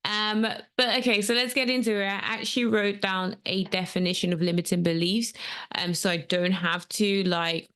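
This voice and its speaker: A woman's voice: mid-range voice, fairly even intonation, moderate pace, a bit bright. A woman hosting a solo coaching podcast, talking casually with frequent ums and rambling asides. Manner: chatty, rambling, with many ums. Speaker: podcast host and transformational coach. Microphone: camera setup at home.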